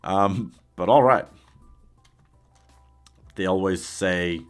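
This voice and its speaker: A man's voice: low-pitched, animated, moderate pace, long pauses, soft background music. A man from the UK chatting on a live gaming stream. He reads viewer messages, laughs a lot, and coughs now and then while ill.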